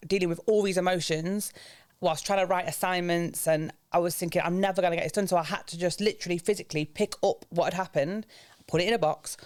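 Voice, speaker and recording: Young english guy, slightly high voice, opening up on a podcast, honest and reflective. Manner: open, reflective, speaks of grief in a low earnest tone. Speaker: podcast guest. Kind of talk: candid personal podcast talk.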